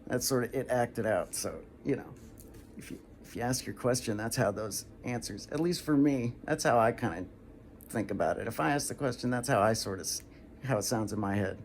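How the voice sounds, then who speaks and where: A man's voice: mid-range voice, slight background noise. A man with a dry throat hosting a casual one-take tutorial video. He talks in a hesitant way, stopping and restarting as he explains things again. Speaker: video host.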